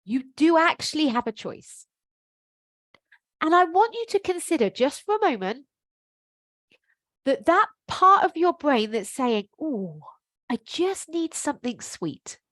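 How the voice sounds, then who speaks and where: A middle-aged woman coaches straight to camera in a lively, frank, emphatic way, swearing now and then without fuss. Her voice sits a little high. The recording is close and dry, with no room sound. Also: a little slow, long pauses, no room sound. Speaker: life coach. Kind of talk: motivational coaching talk to camera.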